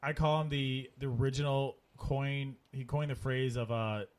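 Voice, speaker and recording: A man's voice: mid-range voice, fairly even intonation, normal speed. A man hosting a sports podcast, introducing a guest in an upbeat, casual way. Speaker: podcast host. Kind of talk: casual banter and show intro.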